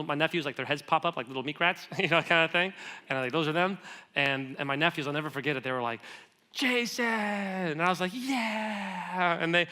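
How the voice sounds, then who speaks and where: Bright-voiced man preaching casually. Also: a little high, smooth. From United States. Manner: conversational, self-deprecating, acts out dialogue. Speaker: guest speaker. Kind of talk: storytelling sermon. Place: church auditorium.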